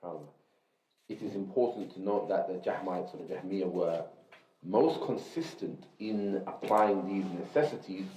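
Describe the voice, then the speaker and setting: A man reading a religious text aloud to a class in a measured, explanatory way, stopping to gloss Arabic terms. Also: low voice, dark tone, slight background noise. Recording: roomy, dull lo-fi recording.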